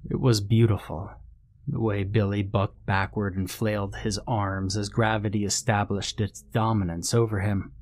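A man narrating a horror story in a measured, suspenseful way. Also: lowish voice, darkish tone.

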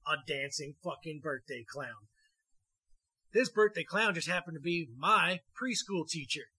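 Husky, bright-voiced man chatting. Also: on the high side, measured pace, low-quality recording. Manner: animated, profane, repeats words when excited. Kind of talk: casual comedic chat.

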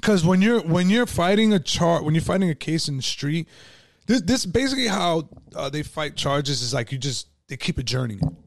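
A man's voice: a little high, animated, moderate pace, dry recording, clean studio sound. A man telling his own story in a casual, profane, streetwise way, full of "like" and "you know".

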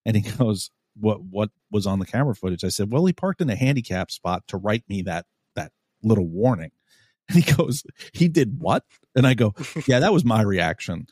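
A man with a low voice hosts a podcast and tells a story in casual chat. He swears freely and acts out the people in it with loud, animated bursts. The sound is dry and close to the mic. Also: fairly quick, no echo. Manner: animated, swears a lot, acts out quotes loudly. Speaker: podcast host.

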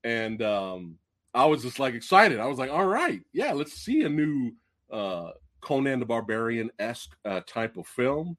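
Male livestream host with a lively, swooping voice, excitable and profane. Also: a little slow. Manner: excitable, profane, swings from loud outbursts to low mutters. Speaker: podcast host. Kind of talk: casual movie review livestream.

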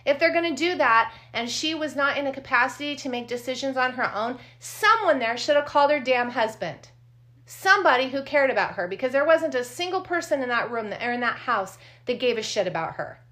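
A woman co-hosting a true crime chat, blunt and fired up. She swears without a pause. Her voice is bright and forceful and sits a little high. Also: lively intonation. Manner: blunt, indignant, swears freely. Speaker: podcast co-host.

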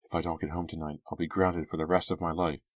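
A cranky, shivering teen girl in the front seat, read by a man in a low, dry voice, talking softly and curtly. a storybook reading. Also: level tone, quick pace, no echo, close to an everyday voice. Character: sharp-tongued teen girl, cold, cranky.

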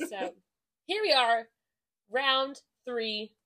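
A young woman in casual podcast chat, upbeat and chatty, leaning on "like" as she talks. Her voice sits a little higher than most women's. She laughs easily between thoughts. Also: expressive, drawn-out words, a bit bright. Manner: upbeat, chatty, many "like" fillers, laughs often. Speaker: podcast co-host and interviewee, cheer coach.

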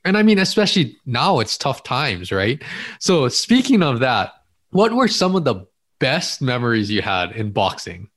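A man hosts a conversational interview. His pitch moves in a lively, animated way as he sums up his guest's points and offers support. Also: normal speed. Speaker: interview host.

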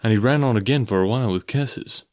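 A man hosting an audiobook channel, giving a friendly, upbeat introduction before reading the story aloud at a steady pace. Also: medium pitch, fast talker. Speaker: audiobook host and narrator. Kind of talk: audiobook narration.

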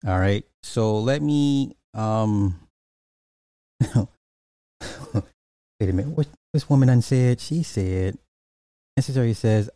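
A man's voice: on the low side, animated, slow, long pauses, mellow, no echo, studio quality. A man giving casual reaction commentary on a clip, emphatic and repetitive, with lots of fillers and restarts. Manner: emphatic, repeats points, many fillers and restarts.

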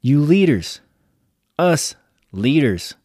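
A man's voice: a little high, slow, dry recording, clean studio sound. Hyped-up man hosting a podcast. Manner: energetic, hype, pumps up the listener. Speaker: podcast host. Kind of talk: motivational podcast talk.

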